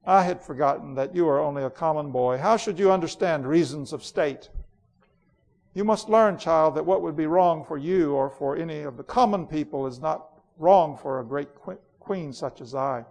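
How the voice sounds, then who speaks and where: A man's voice: on the high side, moderate pace, darkish tone. A man voicing a cold, ruthless queen in a dramatic storybook reading, in an imperious, declamatory manner. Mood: cold, scornful. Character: proud, cold, ruthless ancient woman queen.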